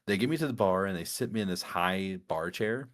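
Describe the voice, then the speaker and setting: Man with a lower voice telling a story among friends, animated and laughing often. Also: a little fast. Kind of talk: casual chat.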